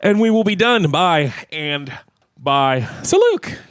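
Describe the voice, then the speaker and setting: A man co-hosts a community radio show, trading jokes and loose chatter with his partner. His voice sits a little high and often jumps up when he gets excited. The studio sound is close and dry. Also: slow pace, smooth, no echo. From Canada. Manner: joking, chatty, animated. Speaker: radio co-host. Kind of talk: casual radio banter.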